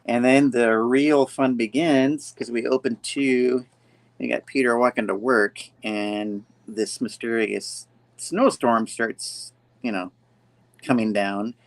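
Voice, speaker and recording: A man hosting a comic book review show, chatting casually as he retells the story and slips into quick voices for the characters. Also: mid-range voice, steady tone, gravelly. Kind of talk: casual comic recap chat.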